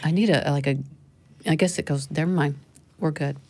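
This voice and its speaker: A middle-aged woman hosts a casual panel discussion, with a low, grounded voice. She talks freely, laughs easily and corrects herself on the fly. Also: steady tone, moderate pace, a little mellow. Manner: chatty, laughing, self-correcting. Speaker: show host.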